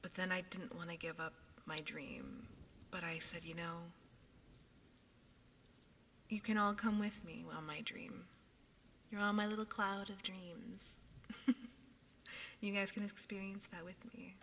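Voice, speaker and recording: A young woman streamer talks casually with her viewers in a somewhat low voice, slipping now and then into a soft whisper close to a binaural microphone. A long reverb trails behind her words, with a faint hiss underneath. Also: lively intonation, a little slow, long pauses. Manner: chatty, often dropping into a soft whisper. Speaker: ASMR streamer. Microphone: binaural ASMR microphone.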